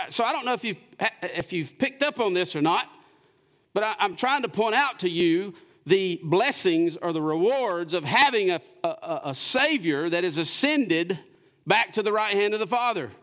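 A man, preaching a sermon in church, asking the congregation questions and swinging between loud and hushed delivery. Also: high voice, lively intonation, normal speed. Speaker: pastor.

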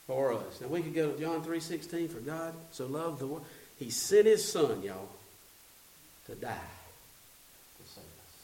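A man's voice: a little high, big pitch swings, measured pace, pauses often, a little mellow. A male pastor preaching a sermon in call-and-response style, building to fervent peaks. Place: church sanctuary. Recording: echoey sanctuary from a distance.

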